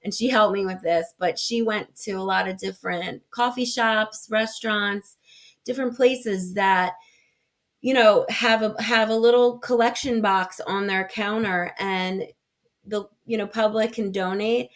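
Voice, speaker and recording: A woman's voice: mid-range voice, steady tone, unhurried. Earnest woman, podcast guest. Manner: earnest, explains in detail with many fillers and restarts. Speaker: executive director of a foundation, podcast guest. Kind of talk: casual interview conversation.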